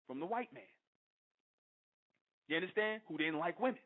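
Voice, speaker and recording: A man's voice: fairly high pitch, lively intonation, normal speed. A male radio host delivering an impassioned, confrontational monologue, profane and repetitive, constantly asking if you understand. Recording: tinny phone-like line.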